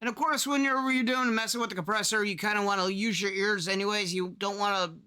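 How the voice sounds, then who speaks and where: Man, high bright voice, talks through his recording setup with frequent restarts. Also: fairly even intonation, fast talker, clean tone. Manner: rambling, restarts often, demonstrates his loudness levels. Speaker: content creator explaining audio setup. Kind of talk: casual screen-recorded tutorial.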